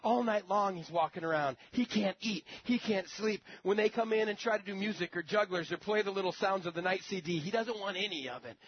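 A man preaches a sermon, retelling a story dramatically and turning often to address his listeners directly. His voice sits high for a man. The recording sounds dull and lo-fi. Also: brisk, few pauses, slightly rough. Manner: storytelling, dramatic, conversational asides to the congregation.

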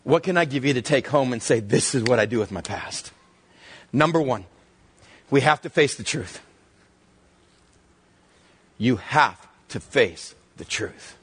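A man preaching a sermon, telling Bible stories with lively acted-out dialogue in a husky voice. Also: mid-range voice. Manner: animated storytelling, acting out Bible dialogue. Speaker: pastor.

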